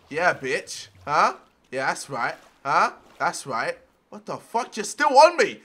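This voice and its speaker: A young man giving loud, profane gameplay commentary, shouting and yelping at the game. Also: fairly high pitch, sing-song, takes it slowly, soft background music. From England. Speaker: gaming video creator.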